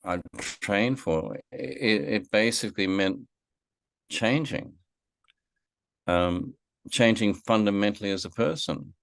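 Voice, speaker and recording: A man's voice: lowish voice, lively intonation, slow pace, creaky, pauses often, clean tone, no room sound. A middle-aged man, a filmmaker guest in a podcast interview, telling a story reflectively with many fillers and restarts. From Australia.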